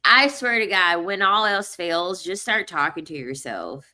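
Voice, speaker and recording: A young woman, telling stories in a casual, animated vlog monologue, repeating herself and laughing often. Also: on the low side, a little slow. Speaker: vlogger.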